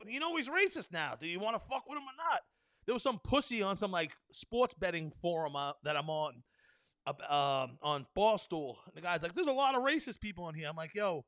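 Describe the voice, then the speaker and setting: A man hosting a solo podcast, ranting in a rambling, profane stream full of fillers. His voice sits high and sounds bright and sharp. The recording is close and dry, with no room sound. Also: no echo. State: tired. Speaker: podcast host.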